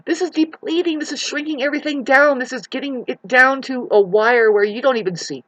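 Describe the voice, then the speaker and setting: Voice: mid-range voice, lively intonation, moderate pace, hardly any pauses, no echo, low-quality recording. A vlogger in a rural mountain home, delivering a rambling, profane, preachy rant to the camera.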